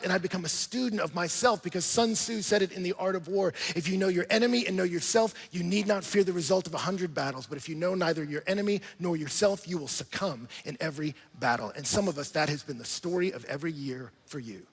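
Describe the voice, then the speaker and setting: Animated male pastor preaching in a hall. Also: high voice, fast talker, gravelly, few pauses, husky. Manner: animated, rhetorical questions, acts out little scenes. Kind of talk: sermon.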